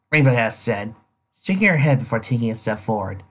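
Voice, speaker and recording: A man narrating his own fan story in a slightly husky voice. His delivery is animated and lively, rising and falling through the lines at an even middle pitch. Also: a little fast. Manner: expressive, animated reading. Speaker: fan fiction author and reader.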